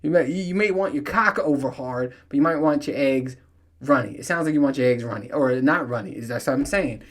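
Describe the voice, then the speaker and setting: A man's voice: medium pitch, fairly quick. Podcast host, male, loose and profane, rambles, laughs at himself, mid-range voice. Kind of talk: casual solo podcast rant.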